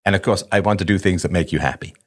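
Man, lowish voice, call-in host, conversational advice, rhetorical questions, acted-out dialogue. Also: rapid-fire, husky. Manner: acts out parent-child dialogue. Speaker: host answering a caller. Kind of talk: live call-in advice talk.

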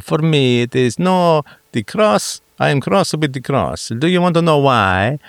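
A man doing a hammy, cheesy fake Italian accent in broken English, pitched well above his normal voice. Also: lively intonation, unhurried, vocal fry, no echo, clean studio sound.

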